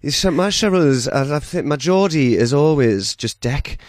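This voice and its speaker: Young male impressionist guest, animated, slightly high voice, dry close sound. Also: moderate pace, no room sound. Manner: lively, slips in and out of impressions. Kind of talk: casual interview chat.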